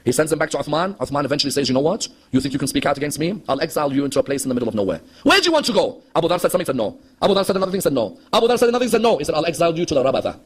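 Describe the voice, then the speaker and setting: A male preacher delivers a heated lecture on religious history at a rapid clip. His voice sits high and carries a husky edge. He throws rhetorical questions at his listeners and slips into the voices of the people he quotes. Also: expressive. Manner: impassioned, rhetorical questions to the audience, acts out quoted dialogue. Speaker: Shia preacher.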